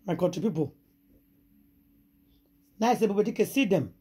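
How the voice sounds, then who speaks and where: A woman's voice: medium pitch, expressive, moderate pace, mellow, breathy edge. A woman with a Nigerian accent, hosting a gossip channel and retelling a story dramatically in Pidgin, with repeated exclamations.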